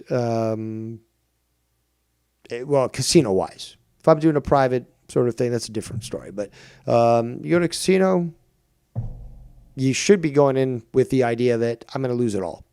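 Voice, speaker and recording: A man's voice: medium pitch, dark tone, clear, resonant tone, no room sound, studio quality. A middle-aged man hosting a live stream, ranting with lots of swearing and mocking others in whiny put-on quotes. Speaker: streamer and show host.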